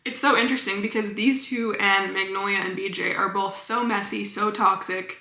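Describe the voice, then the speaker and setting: A woman chatting casually as a book vlogger, gushing about her favorite reads with quick, enthusiastic asides. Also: medium pitch, steady tone, vocal fry, pushed and bright, echoey room. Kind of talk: casual book review chat.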